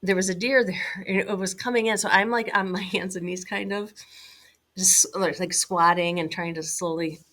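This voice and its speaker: Bright-voiced woman telling a hunting story. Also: fairly low pitch, moderate pace. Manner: animated, many fillers and "like"s, laughing now and then. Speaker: interview guest, hunter. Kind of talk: casual storytelling.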